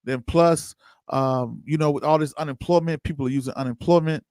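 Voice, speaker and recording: Male livestream host, slightly high voice, casual and chatty, close dry mic. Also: steady tone, brisk, a little mellow, no echo. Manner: loose, conversational, chats with viewers by name. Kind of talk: casual livestream commentary reading chat.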